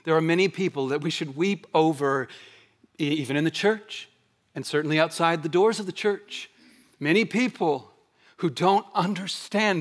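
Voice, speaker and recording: A male pastor delivers a sermon at a moderate pace, building momentum with emphatic, repeated rhetorical questions. He alternates between loud proclamation and low, quiet stretches to drive his points home.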